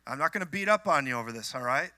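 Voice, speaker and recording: A man from Minnesota preaching a sermon, telling animated personal stories with joking asides to the congregation. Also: medium pitch, rapid-fire, no room sound. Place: church.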